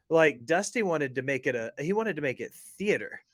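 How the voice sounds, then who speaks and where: A man's voice: fairly high pitch, animated, moderate pace, dry recording. Rambling, emphatic male voice, casual chat, dry close mic. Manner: emphatic, rambling, with many fillers.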